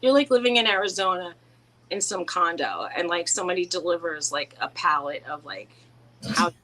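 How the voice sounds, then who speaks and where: A woman's voice: lowish voice, animated, moderate pace, bright, forceful tone, low-quality recording. A middle-aged woman co-hosting a casual chat, telling rambling stories with frequent restarts and laughs. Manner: rambling storyteller, laughs often, many restarts. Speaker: co-host.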